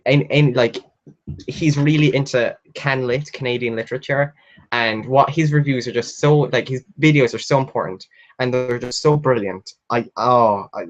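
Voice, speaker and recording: A man's voice: mid-range voice, rough recording. A young man in the middle of his own voice range, talking off the cuff to a live audience. He rambles and gushes about books and people he admires, peppering everything with "like" and the occasional curse, and answers comments as they arrive. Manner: rambling and gushing, with frequent "like" fillers and swearing; reads viewer comments aloud and answers them. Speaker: booktuber hosting a live stream. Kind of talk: casual live-stream chat.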